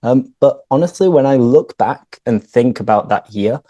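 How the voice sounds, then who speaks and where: A man, a teacher chatting casually with a friend and clearly explaining words and phrases for learners over a video call. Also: mid-range voice, animated, normal speed, dark tone, dry recording, highs cut off. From northern England. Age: 30s. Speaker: English teacher and host. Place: home room, on a video call.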